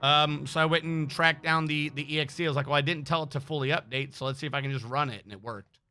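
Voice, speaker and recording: A man's voice: fairly high pitch, steady tone, quick pace, bright, forceful tone, smooth, soft background music. A man streaming, chatting casually and rambling, swearing freely as he tells stories. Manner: rambling, swears freely, acts out dialogue in anecdotes.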